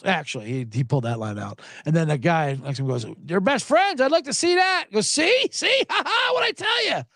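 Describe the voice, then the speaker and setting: This Los Angeles podcast host runs a live sports show in studio-quality audio with no room sound. Animated and sarcastic, he rants casually and frequently acts out others in a high, raised voice.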